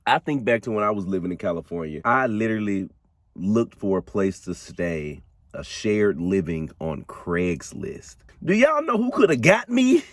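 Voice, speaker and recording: Brief: male podcast host, casual slangy storyteller, low voice with very animated pitch. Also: dry recording, studio quality. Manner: animated, slangy, laughs often, addresses listeners directly. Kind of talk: casual true crime storytelling.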